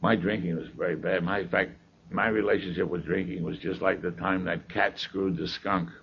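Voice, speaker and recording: An older man with a gravelly voice telling a humorous story from his own life, with dry, wry asides. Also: low voice, steady tone, normal speed. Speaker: speaker sharing his recovery story. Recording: dull lo-fi recording with faint hiss.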